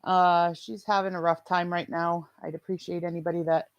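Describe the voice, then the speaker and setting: A woman's voice: lowish voice, little pitch movement, normal speed, no room sound, dull audio. A woman hosting a livestream, chatting casually and enthusiastically about other creators. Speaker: livestream host.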